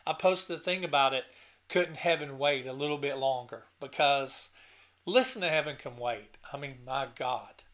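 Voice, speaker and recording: A man's voice: mid-range voice, normal speed, a bit bright. A man hosting his own channel, talking casually and emotionally about his favorite songs, at times choked up, often restarting his sentences. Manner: enthusiastic and earnest. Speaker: channel host reviewing an album. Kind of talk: casual talk to camera.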